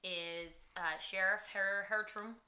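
A young woman co-hosts a relaxed recap podcast with a bright, clear tone and a middling pitch. She rambles loosely with fillers and the odd curse. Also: slow. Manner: rambling, filler-heavy, swearing. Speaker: podcast co-host. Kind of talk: casual chat recapping a TV episode.

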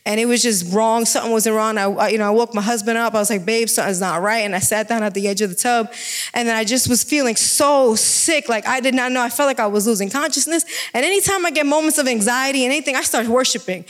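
A woman giving an informal sermon with a personal testimony, talking in an excitable, emphatic, chatty way. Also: on the high side, quick pace. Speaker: devotional speaker.

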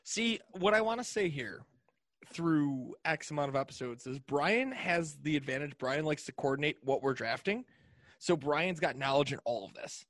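A man's voice: on the high side, animated, normal speed, fairly bright tone, no room sound. A man co-hosting a casual podcast, reading out lists with jokey asides and frequent laughter. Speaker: podcast co-host. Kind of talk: casual chat.

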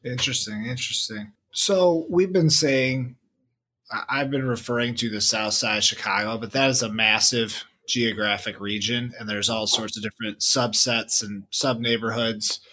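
A man's voice: medium pitch, fairly even intonation, normal speed, pushed and bright. A man hosting an interview, offering friendly feedback and asking open-ended questions. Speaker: podcast host.

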